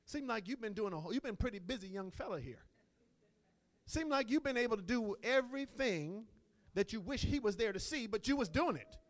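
A middle-aged man preaching a sermon in a conversational way, moving between quiet asides and loud, emphatic lines. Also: high-pitched, lively intonation, brisk. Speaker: pastor.

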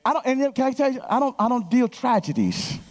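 A woman's voice: sits high, brisk. A woman in her fifties preaching a sermon, telling stories and calling out to the congregation. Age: 50s. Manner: animated storytelling, calls out to the congregation.

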